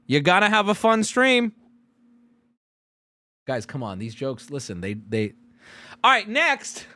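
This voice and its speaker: A man streaming live, reading out survey results in loud, profane, sarcastic casual commentary. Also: a little high, wildly swooping pitch, takes it slowly.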